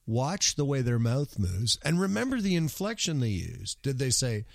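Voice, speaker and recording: Lively man joking on a podcast. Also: mid-range voice, normal speed, creaky, few pauses, no echo, clean studio sound. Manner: lively, joking, playfully mocking. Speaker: podcast co-host. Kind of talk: casual podcast chat.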